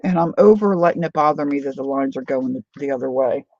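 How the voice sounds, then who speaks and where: A chatty woman crafting on camera, talking her viewers through what she is making. Her voice has a gravelly, creaky edge, and it comes across dry and a little dull, as if recorded close on a modest mic. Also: a bass voice, quick pace, warm tone, dry recording. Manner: chatty, reads viewer comments aloud. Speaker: craft vlogger. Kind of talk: casual crafting chat.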